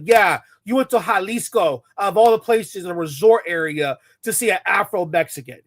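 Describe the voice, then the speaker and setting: A man's voice: high voice, fairly quick, hardly any pauses, a bit bright, no room sound. A man giving a profane, scornful rant as a commentator reacting to a clip.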